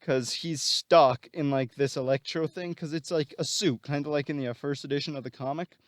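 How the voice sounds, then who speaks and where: A man casually telling a story plot in a rambling way, full of fillers and restarts. His voice sits a bit high, and the recording is dry and close with no room sound. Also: steady tone, moderate pace, dry recording.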